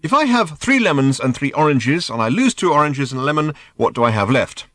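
A strange, polite shape-shifting bird voiced by a man in a storybook reading, speaking in a pleasant light tenor set a little higher. It rattles off brisk, matter-of-fact questions with lively curiosity. The sound is dry and close. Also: dry recording. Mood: brisk, inquisitive. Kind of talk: audiobook character voice.

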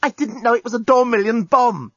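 A man voicing a gruff, wounded alien journalist who growls and gasps and dodges questions. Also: extremely high pitch, a little fast, a bit bright, no room sound, highs cut off, voice pushed up, full character voice. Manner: growling, gasping.

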